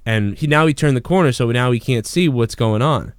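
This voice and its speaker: A man tells a long story on his podcast, swearing often and getting more and more excited as he goes. His voice is smooth and clear, recorded close and dry with no room echo. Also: mid-range voice, a little fast, few pauses. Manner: profane, rambling, excitable storyteller. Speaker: podcast host. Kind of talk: casual storytelling.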